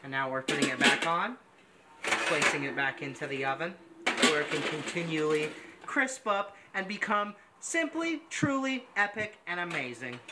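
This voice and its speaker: A man hosting a mock cooking show, gushing pompously over every dish as he works in a home kitchen. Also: a little high. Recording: noisy kitchen sound.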